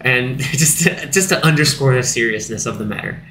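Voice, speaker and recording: A young man co-hosting a casual movie podcast, talking animatedly, acting out scenes in high silly voices, with plenty of fillers. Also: fairly quick. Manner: animated, acts out characters in high put-on voices, many fillers. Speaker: podcast co-host. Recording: echoey room with faint background noise.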